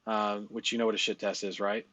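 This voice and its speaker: A man's voice: fairly low pitch, level tone, a little fast, bright, forceful tone, no room sound. A man coaching in a casual, blunt way. He swears a lot, laughs often and uses many fillers. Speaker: live-stream business coach.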